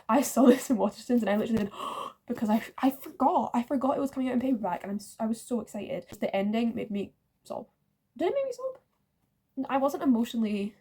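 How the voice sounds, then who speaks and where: A woman's voice: a little high, dark tone. A woman chatting casually about books she read, rating each one and correcting herself as she goes. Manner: chatty, self-correcting, uses "like" often. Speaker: book vlogger. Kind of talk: casual book review chat.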